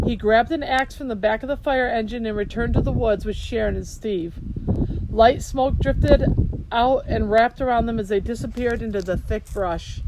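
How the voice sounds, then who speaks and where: A woman reading a children's novel aloud in steady storytelling narration. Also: a little high. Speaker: audiobook narrator. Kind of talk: scripted narration. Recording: hiss behind voice.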